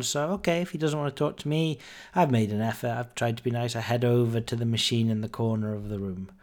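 A man of middle pitch telling a story on his podcast. He talks casually, with ums and asides, and acts out what people said. The delivery is chatty and animated. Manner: chatty, animated anecdote-telling with fillers and quoted dialogue. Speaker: podcast host.

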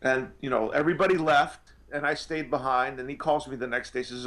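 A man's voice: mid-range voice, fairly even intonation, fairly quick, a bit bright. A male actor telling anecdotes in an interview, rambling with many restarts and fillers. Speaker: actor guest.

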